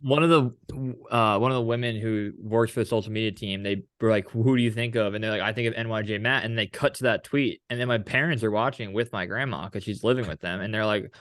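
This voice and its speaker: A man's voice: lowish voice, brisk, few pauses, no echo, clean studio sound. A young man co-hosting a casual chat, telling stories with animation and acting out the back-and-forth he describes. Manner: animated storyteller, acts out quoted exchanges; casual, swears freely. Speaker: co-host.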